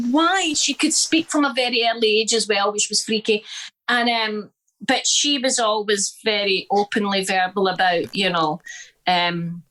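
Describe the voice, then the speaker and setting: A middle-aged woman with a Scottish accent, a guest telling stories in an interview in a blunt, sweary, animated way, acting out the people she quotes. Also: fairly high pitch. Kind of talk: candid conversational storytelling.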